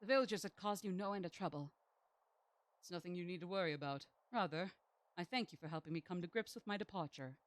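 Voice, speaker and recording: A woman voicing a grieving father who rallies his villagers, read aloud from a game in a lowered, earnest voice. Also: quick pace, no room sound, natural voice. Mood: solemn. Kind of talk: reading game dialogue aloud on stream.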